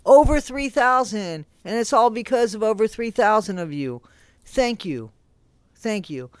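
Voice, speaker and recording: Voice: mid-range voice, lively intonation, measured pace, no echo. A YouTube host in a casual commentary vlog, rambling and incredulous, talking straight to viewers with frequent restarts. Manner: rambling, conversational, restarts often.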